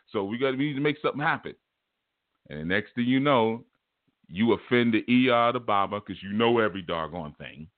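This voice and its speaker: This man's voice is on the low side, fairly quick and lively in intonation. He teaches spirituality informally in a folksy, chuckling, colloquial way, using homespun stories as examples, on a dry, tinny, phone-like recording without echo.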